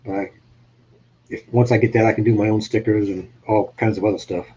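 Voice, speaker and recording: A man's voice: fairly low pitch, steady tone, a little fast, darkish tone, slightly rough, dull audio. A man with a New England accent hosting a casual live-stream chat, easygoing and plain-spoken. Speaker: host.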